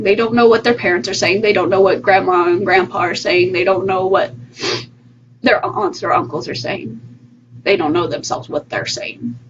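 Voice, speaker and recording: A woman's voice: medium pitch, moderate pace, dull audio, a little hiss or hum. Earnest woman on a livestream. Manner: earnest, heartfelt, with many fillers. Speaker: vlogger giving her opinion. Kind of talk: casual opinion monologue. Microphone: phone livestream.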